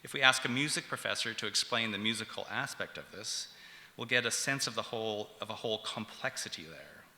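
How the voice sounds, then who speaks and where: A male professor with a low but very bright, forceful voice delivers a public lecture, measured and explanatory and scattered with ums and uhs. The sound carries a long reverb, as if captured in a roomy hall.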